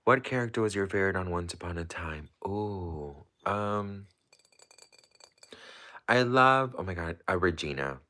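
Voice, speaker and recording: A low-voiced man chats loosely through a livestream, answering viewers' questions and piling up fillers and restarts as he goes. His voice sits deep but carries a bright, forceful edge. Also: lively intonation, unhurried. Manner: chatty and rambling, heavy with fillers and restarts. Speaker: livestream host. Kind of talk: casual livestream chat, answering viewer comments.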